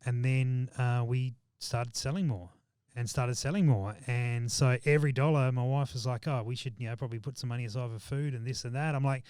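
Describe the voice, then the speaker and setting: A man's voice: medium pitch, brisk, few pauses, a little mellow, smooth, no room sound. A man, chatting casually as a guest on a podcast and rambling with frequent restarts. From Australia. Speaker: shooting business owner, guest.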